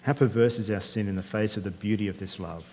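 A man's voice: lowish voice, fairly even intonation, fast, darkish tone, a little hiss or hum. A man preaching a sermon in a conversational way, often asking the congregation rhetorical questions. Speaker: pastor. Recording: long reverb of a church hall.

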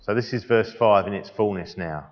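A man's voice: on the low side, moderate pace. A male preacher delivering a sermon in a playful way, quizzing the congregation, recorded in an echoey church hall with a dull sound.

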